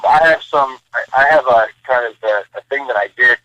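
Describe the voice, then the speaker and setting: Very bright, blunt motivational man. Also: mid-range voice, a little fast, dry recording, low-quality recording. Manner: blunt, punchy exhortations. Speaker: podcast guest, military veteran. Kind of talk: motivational conversation.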